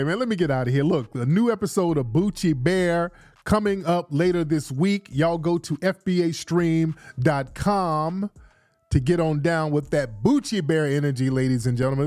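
A man's voice: a little high, darkish tone, dry recording. A man hosting a casual commentary vlog, rambling, repeating himself and laughing often. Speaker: vlog host.

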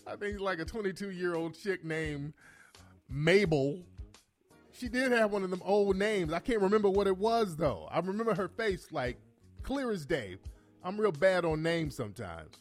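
A man in his forties hosting a call-in radio show, telling profane, animated stories and laughing often. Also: high voice, normal speed, faint music behind. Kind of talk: comedic call-in radio talk.

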